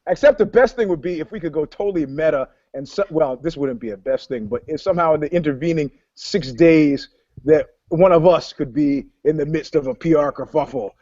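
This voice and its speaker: A man co-hosting a casual podcast, telling stories in an animated, boastful way, laughing often and swearing. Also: on the high side, a little fast. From New York. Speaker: podcast co-host. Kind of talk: casual chat, storytelling. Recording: dull lo-fi audio, dry.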